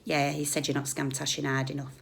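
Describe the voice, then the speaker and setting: A woman's voice: sits low, flat delivery, fast, vocal fry, a little hiss or hum. Blunt, scolding British woman. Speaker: YouTube commentator. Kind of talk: ranting live-stream commentary.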